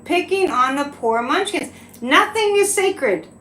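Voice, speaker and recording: Her very high, animated voice has a fairly bright tone and a slightly slow pace as she hosts a psychic live stream. She keeps it casual, laughing often and tossing in disbelieving remarks, with the echoey room carrying faint ambience and a little hiss or hum.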